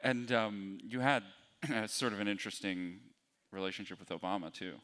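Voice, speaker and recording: A man interviewing a guest on stage, asking brief, quick questions. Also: on the low side, fairly bright tone. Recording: long hall reverb.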